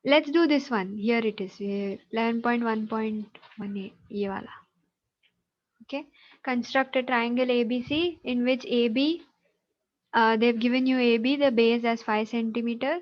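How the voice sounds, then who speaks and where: A woman's voice: on the high side, steady tone, normal speed, highs cut off. A woman teacher with an Indian English accent, patiently explaining geometry in an online class and checking in with the students often. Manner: patient, explanatory, checks understanding with tag questions.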